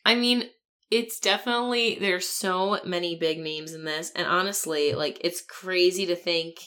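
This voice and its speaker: A woman's voice: fairly low pitch, steady tone, normal speed, a bit bright. A woman co-hosting a casual movie podcast, chatty and full of filler words. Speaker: podcast co-host.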